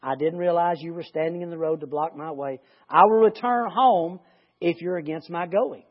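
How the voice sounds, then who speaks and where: Guy reading as a hot-headed stubborn prophet, husky high voice, lo-fi. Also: moderate pace, natural voice. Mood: contrite. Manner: read aloud as a quote. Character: angry stubborn man, a prophet. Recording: lo-fi recording.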